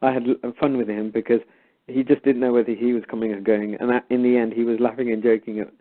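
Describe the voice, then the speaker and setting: A man's voice: mid-range voice, little pitch movement, quick pace. A man casually retelling a story, animatedly acting out both sides of a conversation. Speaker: guest storyteller. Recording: tinny phone-like line.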